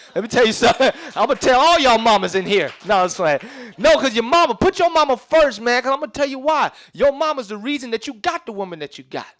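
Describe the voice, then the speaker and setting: A young stand-up comic with a high voice tells stories in on a club stage. He talks in a loose, streetwise way and keeps turning to the crowd with quick asides. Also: fairly bright tone. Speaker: stand-up comedian. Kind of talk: stand-up comedy set.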